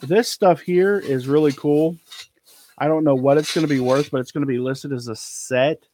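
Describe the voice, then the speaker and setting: A man's voice: a little high, moderate pace, warm tone, a little hiss or hum. A man chatting casually as an online reseller, rambling through his haul and trailing off with ums. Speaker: eBay reseller showing a haul. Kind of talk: casual live haul chat. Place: cluttered storage room indoors.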